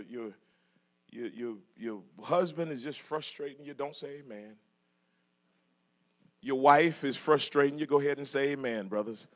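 A middle-aged man preaching a sermon in church, moving from soft asides to shouted passages and joking with the congregation. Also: on the high side. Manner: jokes with congregation, laughs. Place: church sanctuary.

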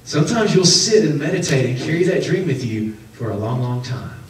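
A man preaching a sermon as pastor, animated, acting out the people in his stories and laughing often. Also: on the high side, fairly quick, far from the mic. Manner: animated, acts out quoted voices, laughs often. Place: church sanctuary. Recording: echoey hall, preacher off-mic, faint noise.

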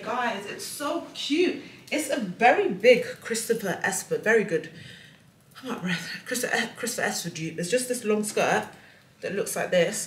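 A young woman talks casually to the camera as a travel vlogger, chatty and a little self-deprecating. Her voice sits at an everyday middle pitch. The hotel room around her is echoey, with faint noise underneath. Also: recorded from a distance. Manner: chatty, self-deprecating, talks to viewers while getting ready. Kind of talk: casual vlog chat to camera.

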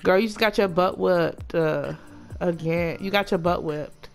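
Sassy woman with a gravelly voice. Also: fairly low pitch, unhurried, soft background music. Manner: sassy, profane, chatty. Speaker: gaming channel host. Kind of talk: casual let's-play commentary.

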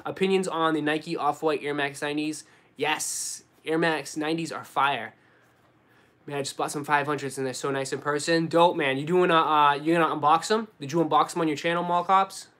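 A young man with a Boston accent, chatting casually on a live stream and answering viewers, relaxed and full of slang. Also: fairly high pitch, fairly quick. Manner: relaxed, slangy, says dude and bro a lot. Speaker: sneaker YouTuber answering live chat.

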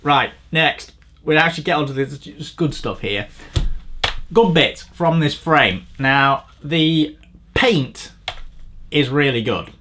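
Sweary man with a lively voice. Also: slow pace, a little hiss or hum. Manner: swearing, rambling, sardonic, pitch jumps up when ranting. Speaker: bike frame reviewer. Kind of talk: crude comedic tech review.

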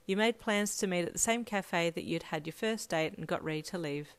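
Woman narrating a fan story, lowish voice. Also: brisk, clean tone. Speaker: fan fiction reader. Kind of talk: audiobook narration in second person.

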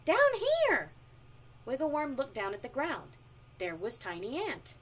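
A woman reading a children's storybook aloud, with expressive narration, recorded from a distance with faint noise. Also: a little high, normal speed, husky. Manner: expressive, animated.

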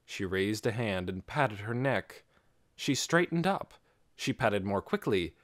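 A man reading an audiobook aloud with expressive storytelling. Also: lowish voice, measured pace, dry recording, clean studio sound. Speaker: audiobook narrator. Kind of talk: scripted audiobook narration.

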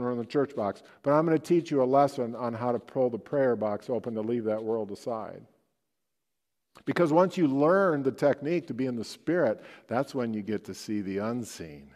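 A male pastor preaching a sermon, joking and folksy at first, then leading a hushed, slow guided prayer. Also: mid-range voice. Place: church sanctuary. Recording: long church reverb.

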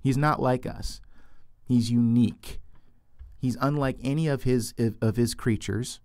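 Man, Bible teacher, dark mellow voice, dry close sound, halting with restarts. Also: mid-range voice, clean tone, no room sound. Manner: halting, with many restarts and repeated words; asks questions and answers them himself.

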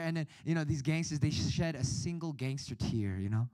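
A man in his thirties preaching a sermon over a video call, telling a personal story with lively acted-out voices. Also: fairly high pitch, brisk, no room sound. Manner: animated storytelling, acts out quoted voices.

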